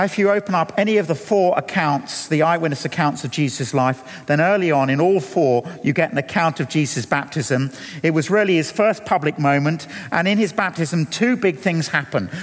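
A man preaching a sermon, earnest and often halting on restarts as he guides listeners through scripture. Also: a little high. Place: church hall. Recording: long church reverb.

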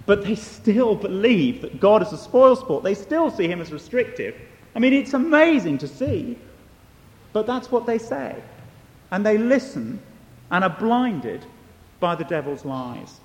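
A man's voice: sits high, very animated, unhurried, a little mellow. Brief: male preacher, earnest and emphatic, voice rising and falling widely, long church echo. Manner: earnest, emphatic, questioning the listener. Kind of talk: sermon.

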